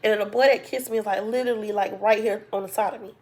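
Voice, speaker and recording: A woman casually telling viewers a personal story in an animated, colloquial way, using "y'all" and "like" a lot. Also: mid-range voice, fast. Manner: animated, acts out quoted dialogue, heavy use of "like". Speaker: storytime vlogger.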